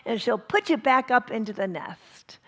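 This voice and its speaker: Steady old owl from a spoken story, calm and matter-of-fact, read by a woman with a fairly high voice. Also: moderate pace, long reverb tail. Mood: reassuring. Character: calm older male owl giving advice.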